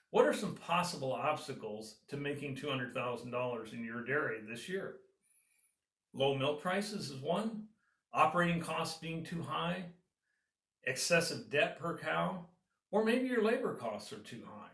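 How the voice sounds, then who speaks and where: A man's voice: on the high side, fairly bright tone, distant mic. Earnest man coaching in a roomy echo. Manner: earnest, encouraging, lists steps. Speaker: business consultant. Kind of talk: advice talk to camera.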